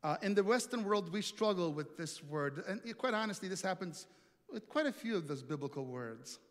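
High-voiced preacher in a reverberant hall. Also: male voice, expressive, normal speed. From Italy. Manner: storytelling, playful, asks the audience questions. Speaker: pastor. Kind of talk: sermon. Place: large hall with an audience.

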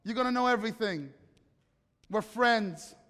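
High-voiced preaching man in a hall. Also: a little slow. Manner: animated preaching, shifts from loud excitement to soft hush. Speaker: pastor. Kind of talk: sermon. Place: church sanctuary.

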